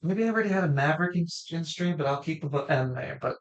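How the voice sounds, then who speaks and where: A man's voice: on the high side, fast, highs cut off. A man running a tabletop role-play game as game master, narrating in a rambling way and correcting himself as he goes. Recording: echoey room.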